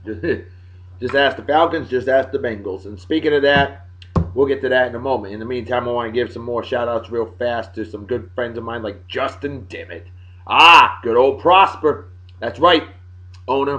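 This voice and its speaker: A man hosting a casual video blog, giving jokey shout-outs to friends in a boisterous way that swings between loud and soft. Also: mid-range voice. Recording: dull lo-fi sound.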